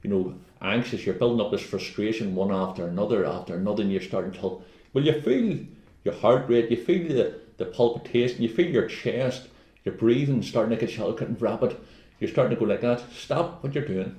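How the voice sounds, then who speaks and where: A man talks quickly in a lowish voice, rambling from one point to the next with jokey asides. He is co-hosting a casual wellness chat. The room echoes around him. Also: mellow. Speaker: co-host.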